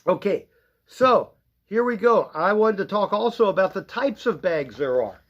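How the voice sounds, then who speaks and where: A man's voice: high voice, animated, normal speed. A middle-aged man, a shop owner, giving a folksy, rambling product demonstration on a live stream. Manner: folksy, rambling explanations with fillers. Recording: dull lo-fi livestream audio.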